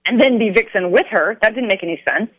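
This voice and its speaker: A woman, a guest musician calling in to a radio interview, chatty and quick to laugh. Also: mid-range voice, fairly bright tone, breathy edge, no echo. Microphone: phone. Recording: dull, dry phone line.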